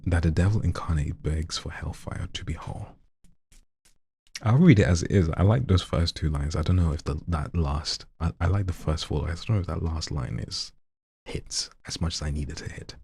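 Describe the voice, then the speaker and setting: A man hosting a live show, reading submitted poems in a soft near-whisper and chatting loosely between them. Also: very deep voice, moderate pace, no echo. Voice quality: husky, breathy. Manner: reads softly in a near-whisper, then chats loosely with slang. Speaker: host reading listener submissions. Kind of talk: live poetry reading with casual commentary.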